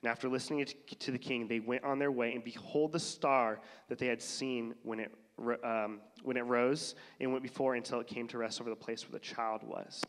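Casual preacher in a reverberant hall. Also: male voice, medium pitch, flat delivery, fairly quick, few pauses. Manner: conversational, acts out voices of people in stories. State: has a cough. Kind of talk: casual sermon.

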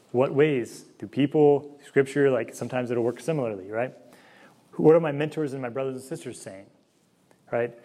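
Fast-talking man giving a casual faith talk. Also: mid-range voice, darkish tone. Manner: conversational, full of fillers and asides, acts out quoted dialogue. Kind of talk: casual sermon-style talk.

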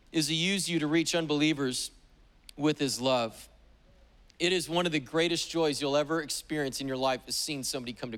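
A man's voice: medium pitch, fairly bright tone, smooth. A man pastor delivering a sermon at a church service, emphatic and declarative, with repeated exhortations. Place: church sanctuary during a service.

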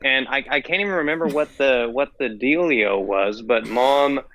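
A man's voice: mid-range voice, normal speed, a bit bright, dry recording, rough recording. A man chatting on a casual podcast, telling a meandering story full of hesitant restarts. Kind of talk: casual chat.

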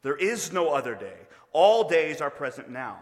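A man voicing a calm, stern angel who speaks slowly and gravely. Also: fairly high pitch. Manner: slow, measured, grave. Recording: long reverb of a large hall.

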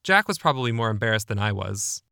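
A man's voice: lowish voice, big pitch swings, fast talker, vocal fry, sharp tone, clear, resonant tone, no echo, clean studio sound. A young man narrating his own memoir in a wry, self-deprecating, conversational way. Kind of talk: memoir storytelling.

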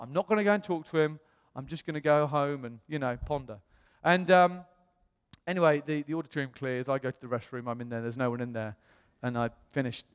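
A British man preaches in a big reverberant hall, his voice sitting a little high for a man. He tells a personal story with lots of energy and jumps into quoted voices, with the sound trailing off in a long echo. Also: clean tone. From England. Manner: animated, acts out quoted voices. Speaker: pastor. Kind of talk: storytelling sermon.

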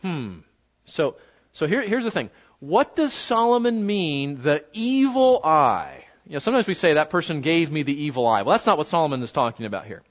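A man preaching a sermon in a conversational, animated way, slowing down to stress key words. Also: a little high. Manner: conversational, animated, slows down for emphasis. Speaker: pastor. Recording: dull lo-fi sound.

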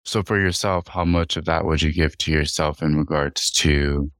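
Brief: male co-host, extremely deep voice, dry close mic, careful questioner. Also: steady tone, a bit bright, no echo. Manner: deliberate questioner, many fillers and restarts. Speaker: podcast co-host asking questions. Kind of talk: casual chat.

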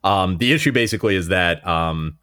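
A man's voice: deep voice, brisk, a bit bright, smooth, no room sound, clean studio sound. A man chatting casually on a movie podcast, summarizing a film in a rambling way with many fillers, restarts and laughs.

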